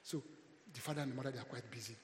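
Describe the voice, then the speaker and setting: A Nigerian pastor preaches with a mid-pitched male voice, calling out to the congregation and swelling louder at key points. The sound is roomy, with a long reverb trailing off the walls of a large hall. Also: steady tone, rapid-fire, a little hiss or hum. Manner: preaching with call-and-response, loud swells. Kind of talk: sermon.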